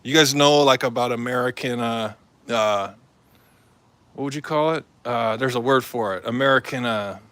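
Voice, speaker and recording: On a casual live stream, a man with a bright, forceful voice rambles loosely, full of fillers, restarts and slang. His pitch sits mid-range for a man, his pace is moderate, and his tone is clear and resonant with no room sound.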